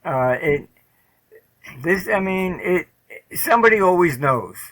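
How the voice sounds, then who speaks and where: An older man speaks as an interview guest, blunt and loose, full of fillers and the odd swear. His voice is bright and forceful, sitting a little higher than most men's. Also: expressive, unhurried, rough recording. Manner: blunt, rambling, many "um" and "you know" fillers, swears. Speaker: interview guest, market forecaster. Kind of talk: casual interview talk, storytelling.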